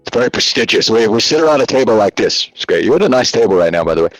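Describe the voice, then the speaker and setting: Talking rapid-fire and with lots of animation, this lowish-voiced Australian content creator is a guest on a casual interview, connected over video call from his home in Latvia. His stories are joking, loose, and full of fillers, and the audio is dry and dull.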